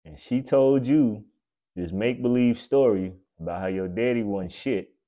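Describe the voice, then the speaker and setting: Mellow-voiced man ranting and cursing. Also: moderate pace. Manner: blunt, swearing, preachy, swings between loud outbursts and low mutters. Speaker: podcast host. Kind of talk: profane comedic rant.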